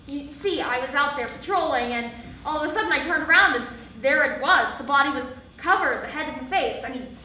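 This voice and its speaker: A nervous, bumbling young soldier stammers through his report, played by a teenage girl on a school stage. The voice is high and bright, carried from afar through a very echoey theatre hall. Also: lively intonation, a little fast. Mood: flustered. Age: teens. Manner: rambling, giggly, flustered. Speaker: student actor. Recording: echoey hall, distant stage mic, faint hiss.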